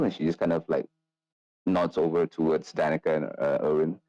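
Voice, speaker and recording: A man running a tabletop game as game master, narrating with lots of fillers and slipping into higher voices for characters. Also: flat delivery, a little fast, warm tone, dry recording, poor audio.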